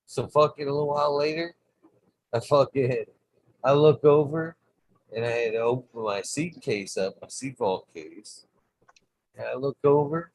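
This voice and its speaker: A man's voice: fairly high pitch, animated, a little slow, poor audio. A man hosting his own channel, telling a rambling, swear-heavy story in casual vlog style. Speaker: channel host.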